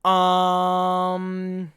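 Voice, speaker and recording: A young man with a New York accent hosting a casual podcast, talking in animated bursts with swearing and quick restarts. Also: high-pitched, crowd noise. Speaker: podcast host. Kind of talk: casual chat.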